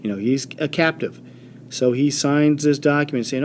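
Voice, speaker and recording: A man teaching a history lesson in an animated storytelling way, with many fillers and quick voiced quotes. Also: on the high side, slight background noise. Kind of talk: classroom history lecture.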